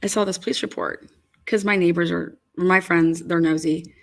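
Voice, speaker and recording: A woman's voice: on the low side, steady tone, normal speed, gravelly. A woman giving casual, rambling commentary over video footage, telling an incredulous story with frequent swearing.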